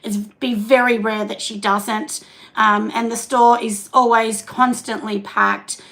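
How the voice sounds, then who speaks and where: Chatty Australian woman with a gravelly edge. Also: on the high side, little pitch movement, slow, rough recording. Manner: chatty, warm greetings to viewers, many fillers. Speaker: soap maker hosting a livestream. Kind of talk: casual livestream chat. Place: home studio.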